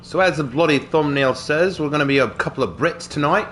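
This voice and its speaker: A man streaming a game hams up an over-the-top fake British accent, lobbing in stock posh phrases with a jokey, theatrical flair. His voice sits a bit high and rings bright and forceful, with faint game music underneath. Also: brisk. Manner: exaggerated mock British accent put on for laughs. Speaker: gaming streamer. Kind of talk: live gameplay commentary.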